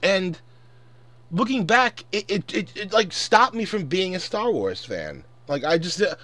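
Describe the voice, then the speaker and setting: Lively, angry young man ranting. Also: high-pitched, unhurried. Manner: angry, profane, exasperated. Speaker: vlogger. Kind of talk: ranting commentary.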